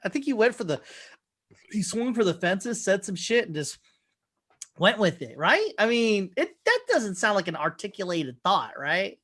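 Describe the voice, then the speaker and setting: A man in casual podcast chat, telling long wandering stories full of swearing. He keeps acting out other people's lines in quick voices of his own. His pitch rises and falls a lot as he talks. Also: animated, a bit bright. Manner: rambling, profane storyteller who acts out quotes. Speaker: podcast co-host. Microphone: remote call mic.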